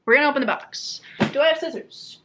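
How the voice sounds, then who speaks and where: A woman's voice: sits high, quick pace, noisy background. A young woman chatting casually as a book vlogger, gushing and laughing often, with lots of "like". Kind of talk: casual chat.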